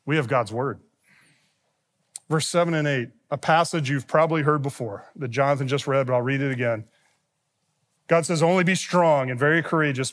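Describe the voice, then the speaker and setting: Male pastor, higher-pitched voice, preaching with emphatic scripture quotes, reverberant church hall. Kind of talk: sermon. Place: church sanctuary.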